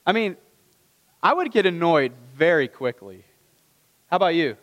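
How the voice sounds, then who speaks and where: A man's voice: fairly high pitch, big pitch swings, normal speed, a bit bright, long reverb tail. A man preaching a conversational sermon, asking the listeners rhetorical questions and acting out the lines of the people in the story. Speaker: pastor.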